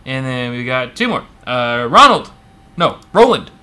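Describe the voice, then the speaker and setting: A man's voice: mid-range voice, moderate pace, bright, forceful tone. A man co-hosting a live tech show, joking playfully and laughing often as he thanks viewers. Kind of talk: casual live-stream chat.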